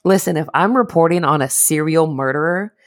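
A man's voice: on the high side, a little fast. A man co-hosting a podcast in casual chat, joking and profane, laughing often and mimicking people in put-on voices. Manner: profane, jokey. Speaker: podcast co-host.

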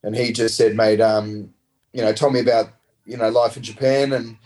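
Australian man, relaxed, slangy, rambling storyteller, fairly low voice. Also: normal speed, low-quality recording. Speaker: interview guest, former rugby player. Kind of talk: casual storytelling.

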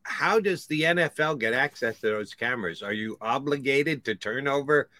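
Bright-voiced questioning radio man. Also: medium pitch, moderate pace, no room sound, studio quality. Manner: probing, skeptical questions. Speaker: sports talk co-host. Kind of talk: casual sports talk.

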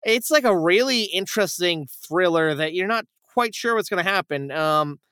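A young man with a high-pitched, smooth voice talks at normal speed on his film-review podcast, casually recounting a plot with rambling profanity and acted-out quotes. The sound is studio quality with no room sound.

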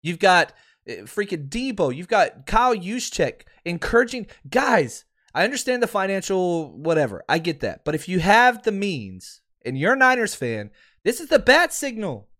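Male podcast host in his thirties, high and lively voice, sarcastic fired-up fan rant. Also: moderate pace. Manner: heated, sarcastic ranting with mocking quotes; calms to a quieter, lower promo pitch.

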